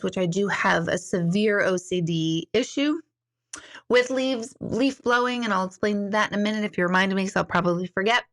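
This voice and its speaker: A woman's voice: mid-range voice, a bit bright. A chatty middle-aged woman hosting a casual live stream, talking candidly and swearing now and then. She sounds slightly tipsy after a couple of glasses of wine. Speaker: livestream host.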